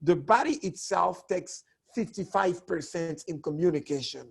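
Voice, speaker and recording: A man teaching a lesson on public speaking, hoarse with a cracked voice, talking in an animated way that swoops between high and low tones. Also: moderate pace. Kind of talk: online lesson.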